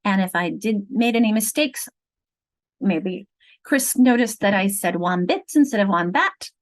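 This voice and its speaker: A middle-aged woman leading an online teacher training on reading, explaining each step in a clear, patient teacherly way over a video call. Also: mid-range voice, animated, measured pace, low-quality recording. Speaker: literacy trainer.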